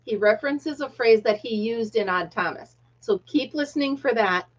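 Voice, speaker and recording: A woman's voice: fairly high pitch, lively intonation, normal speed, lo-fi sound. A middle-aged woman casually chatting on her livestream, greeting viewers by name and laughing often. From United States. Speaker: livestream host. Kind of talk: casual chat.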